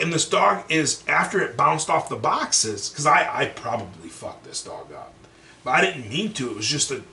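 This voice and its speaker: A young man with a bright, forceful voice tells a crude story on a podcast, swearing freely and jumping into the voices of the people in it. He sits back from the mic in a roomy, echoey space with a faint hiss of background noise. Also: fairly high pitch, vocal fry, far from the mic. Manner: profane, animated, acts out quotes. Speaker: podcast co-host. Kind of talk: casual storytelling chat.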